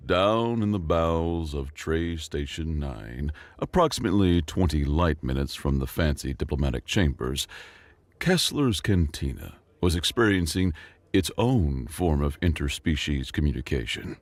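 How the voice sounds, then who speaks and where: A man narrating a sci-fi story in a dramatic, measured storytelling voice. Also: very deep voice, lively intonation, dry recording.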